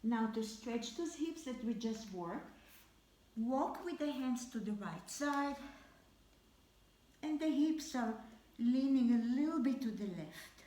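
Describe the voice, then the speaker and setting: A woman leading a Pilates class at home, cueing each movement with calm, repeated counts. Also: a little high, slow, long pauses, reverberant. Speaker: Pilates instructor. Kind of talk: live exercise class instruction.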